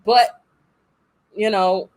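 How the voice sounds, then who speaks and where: A woman's voice: mid-range voice, extremely slow. A woman co-hosting a podcast, chatting casually about a movie and acting out scenes. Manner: animated, acts out scenes in quoted voices. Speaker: podcast co-host. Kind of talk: casual movie review chat.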